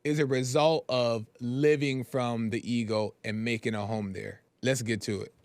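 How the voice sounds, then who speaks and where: A man's voice: medium pitch, fairly even intonation, normal speed, no echo. A man hosting a podcast, giving his opinion in an earnest, lecturing way and often repeating himself. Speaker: podcast host. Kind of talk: opinion commentary.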